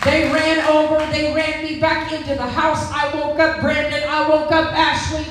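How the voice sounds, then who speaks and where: High-voiced woman in her sixties, church testimony, emphatic storyteller, recorded from far off in a very echoey room with faint noise. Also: level tone, normal speed, a crowd in the background. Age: 60s. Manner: emphatic storytelling, acting out quotes. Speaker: testimony speaker.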